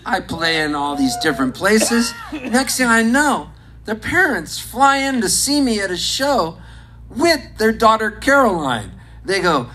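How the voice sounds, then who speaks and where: A man performing live, telling a rambling, deadpan story to an audience and breaking into laughs now and then. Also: high-pitched, measured pace, a little hiss or hum, poor audio. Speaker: musician and comedian on stage. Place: stage at a live show. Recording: live recording with loud crowd. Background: audience laughing, guitar.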